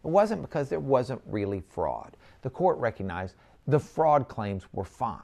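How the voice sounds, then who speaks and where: A man who is a trial lawyer, explaining a case in a measured, wry way during an interview. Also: mid-range voice, very animated, gravelly, darkish tone.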